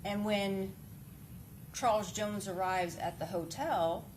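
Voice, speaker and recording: A woman's voice: medium pitch, takes it slowly, background noise. Woman cross-examining with leading questions. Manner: pointed, leading questions ending in "right?". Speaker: defense attorney. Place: courtroom.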